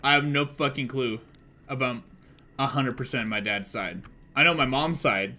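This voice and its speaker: A young man streaming a game live and chatting casually, excitable and swearing freely as he thinks aloud. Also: medium pitch, normal speed.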